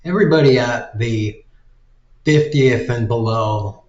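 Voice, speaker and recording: A man's voice: mid-range voice, measured pace, a little mellow. A man giving casual, sarcastic and profane ranting commentary. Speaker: video commentator. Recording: roomy, slightly dull recording.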